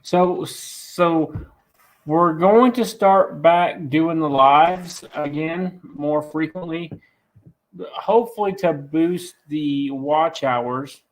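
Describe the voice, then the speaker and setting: Raspy guy rambling on a farm channel live, kinda high-pitched, jokey and teasing. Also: drawn-out words. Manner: joking, teasing, rambling with restarts. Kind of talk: casual live-stream chat.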